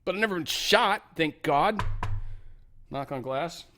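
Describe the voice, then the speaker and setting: A man's voice: fairly high pitch, lively intonation, unhurried, sharp tone, soft background music. Sarcastic man ranting over headlines. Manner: sarcastic, reads headlines aloud and rants. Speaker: host. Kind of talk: political commentary.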